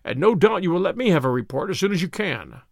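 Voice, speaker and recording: Man voicing shrewd courteous detective, measured, gravelly, dry close sound. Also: sits high, very animated, no room sound, full character voice.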